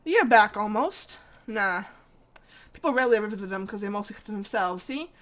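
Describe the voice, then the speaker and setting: A woman's voice: medium pitch, expressive, a little fast, fairly bright tone, natural voice. A woman voicing a folksy, rambling middle-aged male neighbor who drinks whiskey, reading video game dialogue aloud.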